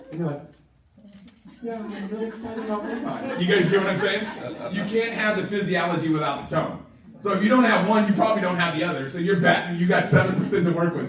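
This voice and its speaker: A man with a high, lively voice gives a live sales training to a group. He talks animatedly, laughs often and keeps checking in with the room. He is recorded from a distance in a very echoey hall. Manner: laughs often while talking. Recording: very echoey room, far from the mic.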